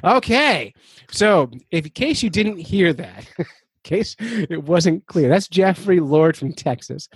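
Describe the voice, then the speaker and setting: A man hosting a podcast, chatting casually, laughing often and telling stories with animated energy. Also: sits high, slow pace, slightly rough, no echo. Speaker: podcast host.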